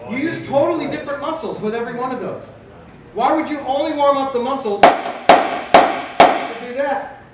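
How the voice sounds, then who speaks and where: A fifties man teaching drums in an echoing hall. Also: extremely high pitch. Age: 50s. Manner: animated, asks the audience questions and answers them himself. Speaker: drum clinician. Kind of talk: live drum clinic talk. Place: large hall at a convention. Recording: very echoey hall, from a distance, with background noise.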